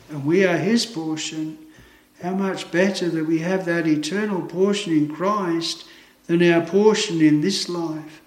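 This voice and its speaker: A man pastor preaching a sermon in a chapel, earnest and solemn, quoting scripture slowly. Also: fairly high pitch, echoey room, low-quality recording.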